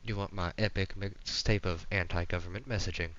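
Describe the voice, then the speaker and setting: Figure: man doing a loud Southern skater punk, ranting slang, bright edge, lo-fi mic with faint hiss. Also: low voice, fairly even intonation, fairly quick. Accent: American Southern, put on. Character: rowdy young male anti-government skater punk.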